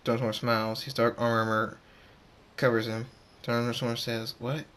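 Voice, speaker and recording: A man's voice: mid-range voice, monotone, normal speed, a bit bright, smooth. A man reading a fan story aloud in a plain way, stumbling and restarting now and then. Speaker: amateur storyteller.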